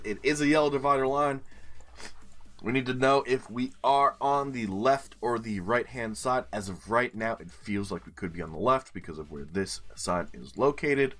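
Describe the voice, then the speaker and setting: A man in his twenties doing casual gameplay commentary as a streamer, telling a story in an animated way with casual swearing. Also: mid-range voice. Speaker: game streamer.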